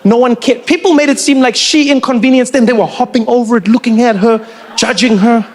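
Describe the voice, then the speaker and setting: A South African man in his forties performing animated stand-up comedy and acting out characters as he tells stories. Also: very high-pitched, brisk. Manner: animated storytelling, acts out characters.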